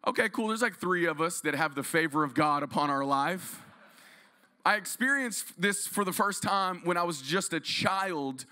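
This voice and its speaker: A man's voice: sits high, normal speed. A man from Texas preaching as a guest pastor, telling stories energetically and calling for responses from the congregation. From Dallas-Fort Worth, Texas. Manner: energetic, storytelling, audience call-and-response. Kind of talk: sermon. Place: large room used as church.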